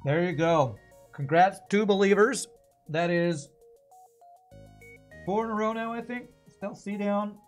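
A male streamer chats loosely while he plays, thinking aloud and laughing easily. His voice sits a little high. Quiet game music runs underneath. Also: a little slow, pauses often. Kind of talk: casual gaming commentary.

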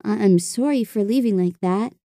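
A woman voicing a young girl who talks in an earnest, soft-spoken, apologetic way. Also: medium pitch, normal speed, dry recording, studio quality, natural voice.

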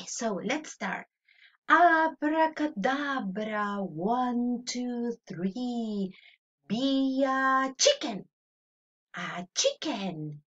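A woman teacher giving a playful online lesson to young children, slow and animated, imitating animal sounds. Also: fairly high pitch, husky, dull audio.

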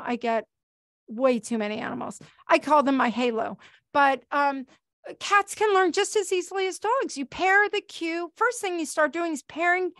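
A middle-aged woman pet trainer giving a chatty, animated webinar talk over a video call, with quick speech and plenty of fillers. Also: sits high, no echo, studio quality. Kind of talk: webinar presentation.

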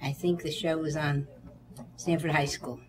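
With a deep voice, steady tone and moderate pace, an eighty-something woman chats through memories in an oral history interview and playfully sing-songs a comic poem. Faint background noise and a roomy echo are audible.

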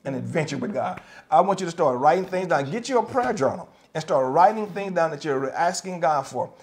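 A man preaching a sermon and leading prayer as a pastor, with a folksy, repetitive cadence that rises to loud, passionate exhortation. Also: a little high, lively intonation, brisk. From United States.

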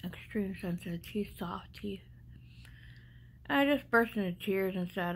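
A woman's voice: medium pitch, measured pace, long pauses, breathy edge, low-quality recording. A middle-aged woman vlogger speaking without teeth, telling a personal story in an emotional, rambling way that often drops to a whisper.

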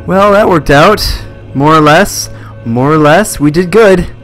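A man's voice: on the high side, measured pace, fairly bright tone, soft background music. Jumpy young man streaming a horror game. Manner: jumpy, swears and exclaims at scares. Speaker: let's play streamer. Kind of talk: live gameplay commentary.

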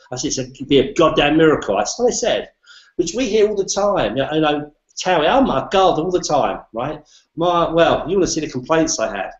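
A British man talks bluntly and jokes as he pitches a business. His voice comes over a lo-fi video call with an echoey room sound. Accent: British English. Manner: blunt, jokey, salesy. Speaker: business presenter. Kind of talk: casual online hangout chat. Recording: echoey, dull lo-fi web call audio.

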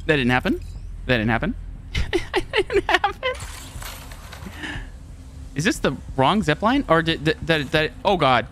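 Excitable streamer, wild pitch swings. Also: normal speed, a little hiss or hum. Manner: excitable, laughs often, swears, talks to chat. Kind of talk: live gameplay commentary.

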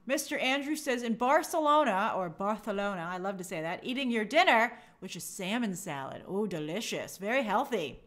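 A woman's voice: medium pitch, animated, brisk, few pauses, fairly bright tone. A woman from New York hosting a livestream, reading viewer comments aloud in a bubbly, gushing way and stumbling over hard names. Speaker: livestream host. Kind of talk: casual live chat reading viewer comments.

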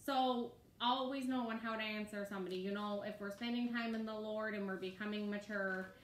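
A woman's voice: mid-range voice, fairly even intonation, fairly quick, a little hiss or hum. A woman giving a casual, conversational sermon, often checking in with her listeners as she talks. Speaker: ministry teacher. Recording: echoey room with faint ambience.

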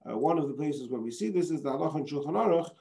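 A man's voice: on the high side, expressive, rapid-fire, gravelly, mellow. A man teaching as a rabbi, reading a passage and explaining it with rhetorical questions, Hebrew terms and frequent restarts. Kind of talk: explaining a text.

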